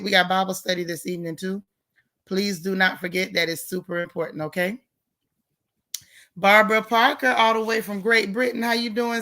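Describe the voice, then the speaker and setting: A middle-aged woman hosts a casual livestream and talks straight to her viewers. Her voice is bright and forward, and she uses warm, chatty Southern US slang. She sits at a home streaming mic. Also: on the high side. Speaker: livestream host.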